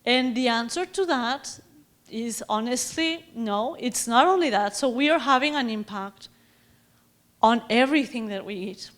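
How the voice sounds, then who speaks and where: A woman from Mexico with a Mexican accent giving a lecture in a chatty, animated way, often correcting herself mid-sentence. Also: fairly high pitch, measured pace. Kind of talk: public lecture on food and environment.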